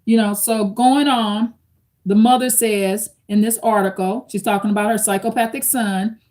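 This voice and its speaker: A woman's voice: mid-range voice, steady tone, moderate pace, a little mellow. A woman hosting a live stream, reading an article aloud and commenting on it casually to her viewers. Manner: conversational, addresses viewers as y'all, reads quotes aloud. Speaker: channel host reacting to an article.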